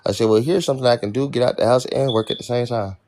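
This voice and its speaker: A man's voice: medium pitch, quick pace, a little mellow. A young man hosting a livestream, venting in an irritated, profane rant to his chat. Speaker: livestream host. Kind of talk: ranting livestream talk to chat.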